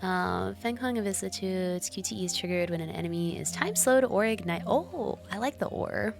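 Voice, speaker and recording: A woman's voice: mid-range voice, expressive, moderate pace, vocal fry, over music. A young woman streaming a video game, chatting casually and giggling with her viewers. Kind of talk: casual live-stream chat while gaming.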